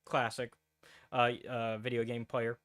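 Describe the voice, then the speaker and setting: A man's voice: mid-range voice, level tone, a little slow, fairly bright tone. A man co-hosting a podcast, chatting casually and rambling, with many fillers and restarts. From United States. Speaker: podcast co-host. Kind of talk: casual chat.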